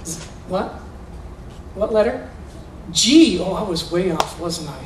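A high-pitched man with lively intonation speaks slowly against a noisy background. Performing magic for a school audience, he coaxes child volunteers through mind-reading routines with theatrical patter. His voice comes from far away in an echoey indoor school room or gym.

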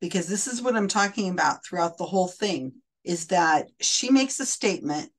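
Woman breaking down a psychic reading, kinda low voice, picky and explain-y. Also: lively intonation, normal speed. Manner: picky, explanatory, often restates quotes. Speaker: skeptic commentator. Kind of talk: analytical commentary on a recording.

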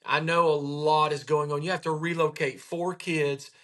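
A man hosting a casual chat, telling patient stories with animated retellings. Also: on the high side, moderate pace. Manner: animated storyteller, acts out patients' words. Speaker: podcast host, chiropractor.

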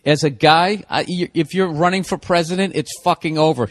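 A man's voice: on the high side, a little fast, hardly any pauses. A man hosting a podcast, ranting in a profane, sarcastic, self-mocking comedic monologue. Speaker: podcast host.

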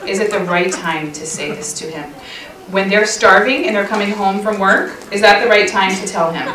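A woman's voice: mid-range voice, fairly even intonation, moderate pace, sharp tone, a little hiss or hum. A middle-aged woman telling a chatty, self-mocking story to a church women's session, laughing often. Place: church hall. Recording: roomy hall sound, mic at a distance.

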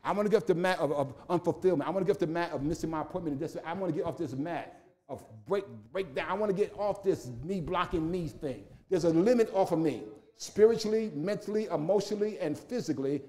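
Animated man, mellow tone. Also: on the high side, fast. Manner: rhythmic, repetitive preaching with humorous asides. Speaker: pastor. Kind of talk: sermon.

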